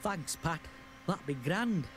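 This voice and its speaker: A man's voice: on the high side, expressive, takes it slowly, fairly bright tone. An actor voicing a worried, flustered male railway station keeper in a children's cartoon.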